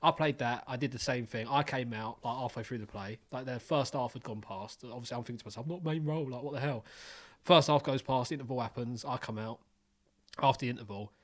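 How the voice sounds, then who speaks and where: A man's voice: mid-range voice, brisk. A young man hosting a podcast, telling stories animatedly and swearing freely. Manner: animated storytelling, swears freely, acts out voices. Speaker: podcast host. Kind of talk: casual chat.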